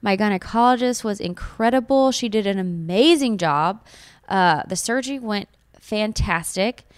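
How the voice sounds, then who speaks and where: A woman's voice: mid-range voice, animated, moderate pace, clear, resonant tone, dry recording, clean studio sound. A woman in her thirties, a new mother, telling her birth story in an earnest, emotional, gushing way. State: tearful at times. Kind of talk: personal storytelling.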